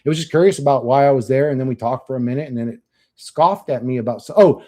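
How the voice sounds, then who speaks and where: A man's voice: mid-range voice, fast talker, a little mellow. A young man streaming live, chatting casually and bluntly, cursing often and laughing at chat.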